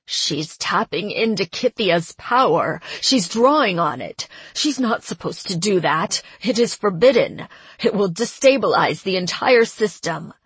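A woman's voice: medium pitch, animated, measured pace, fairly bright tone, slightly rough, dry recording, full character voice. A woman voicing a stern old man who gives urgent orders, in an audiobook. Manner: urgent, commanding.

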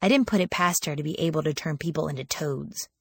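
A woman's voice: low-pitched, fast, husky, dry recording. A woman reading a first-person audiobook in a wry, sardonic storytelling manner, lifting her voice for quoted lines. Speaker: audiobook narrator.

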